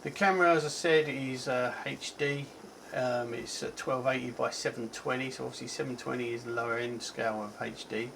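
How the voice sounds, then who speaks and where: A man's voice: medium pitch, fairly even intonation, a little fast, gravelly, few pauses, fairly bright tone, low-quality recording. Man, Cockney accent, casual tech review, rambling, chatty, ums and restarts, faint background hiss. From England. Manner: rambling, chatty, self-correcting, frequent ums.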